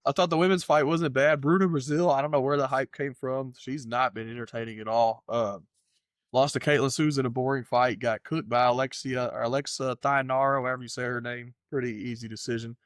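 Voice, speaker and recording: A man chatting on a fight podcast in a loose, rambling way, swearing freely as he gives his takes. His voice sits at an ordinary pitch for a man. The sound is dry and close, with no room around it. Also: fairly even intonation, fairly quick, dry recording. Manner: loose, profane, rambling, does impressions of fighters. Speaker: podcast co-host. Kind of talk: casual chat.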